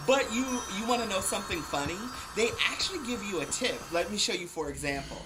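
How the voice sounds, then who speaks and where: A man streaming a video game, giving chatty, excitable commentary full of jokes and gushing. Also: high-pitched, fast, background noise. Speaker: let's play streamer. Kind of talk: casual gameplay commentary. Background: game music.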